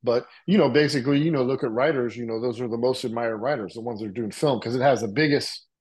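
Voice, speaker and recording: A man's voice: medium pitch, quick pace, darkish tone, husky. A middle-aged man from the United States, talking about his past in a loose, slangy way, full of "like" and "you know". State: coughing from a bong. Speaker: interview guest, writer. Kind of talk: casual storytelling.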